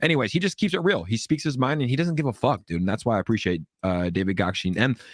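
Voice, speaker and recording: A young man co-hosting a casual livestream, animated and excitable, shouting out viewers as they join. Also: medium pitch, fast, no room sound, studio quality. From Southern California. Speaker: co-host of crypto livestream.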